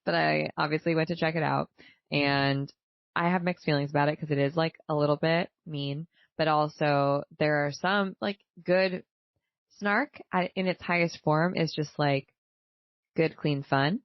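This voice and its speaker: A woman's voice: deep voice, fairly even intonation, a little slow, no room sound, muffled recording. A woman in her thirties co-hosting a podcast, chatty and playful in casual talk. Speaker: podcast co-host. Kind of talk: casual chat.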